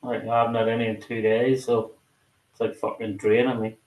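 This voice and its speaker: A man's voice: mid-range voice, little pitch movement, fairly quick, a little mellow, reverberant. A man chatting casually on a group video call, swearing freely and sounding tired and restless. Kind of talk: casual chat.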